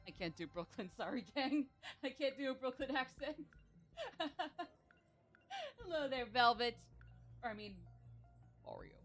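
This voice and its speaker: A woman's voice: high voice, animated, moderate pace, soft background music. A woman streaming a video game, chatting casually with rambling asides and frequent laughter.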